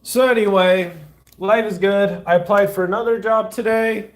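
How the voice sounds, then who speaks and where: A man's voice: high-pitched, fairly even intonation, moderate pace. A young man chatting casually in a rambling vlog while he fixes food in his kitchen, filming on a phone held in one hand. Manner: loose, rambling, talks while fixing food. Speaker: faith vlogger. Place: home kitchen.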